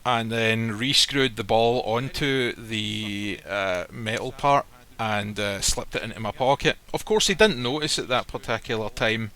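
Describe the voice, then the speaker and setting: Storytelling man, bright forceful tone, blunt and profane. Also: lowish voice, measured pace, few pauses. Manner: blunt, swears freely, acts out quoted lines. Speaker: guest telling a personal story. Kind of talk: casual storytelling. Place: live stream recording.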